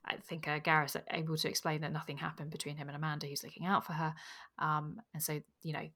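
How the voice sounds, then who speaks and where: A woman's voice: low-pitched, flat delivery, fast talker, pushed and bright. A woman co-hosting a book podcast, chatting casually with fillers. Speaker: podcast co-host.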